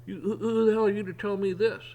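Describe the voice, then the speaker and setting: A man's voice: high-pitched, fairly even intonation, quick pace, mellow. A man hosting his own opinion show, ranting bluntly with profanity and repeated restarts. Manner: repeats words and restarts when worked up. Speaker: podcast host. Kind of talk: opinion rant.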